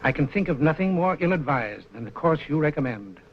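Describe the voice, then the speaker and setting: A dismissive publisher. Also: male voice, fairly high pitch, expressive, brisk, a little hiss or hum. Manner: dismissive, condescending. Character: complacent newspaper publisher, dismissive. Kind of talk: 1940s film acting. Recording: dull lo-fi 1940s film sound.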